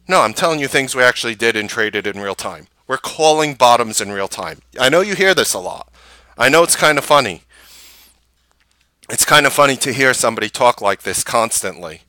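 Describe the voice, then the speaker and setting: A man host recapping a trading day and pitching his course, emphatic and full of rhetorical questions. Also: lively intonation, moderate pace, sharp tone, no echo.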